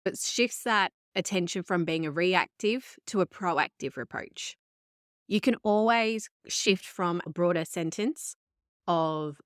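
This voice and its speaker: Calm woman therapist explaining gently. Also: lowish voice, unhurried, no echo, studio quality. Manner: calm, explanatory, quotes parents and children in the flow. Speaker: therapist and podcast host. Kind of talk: solo advice talk.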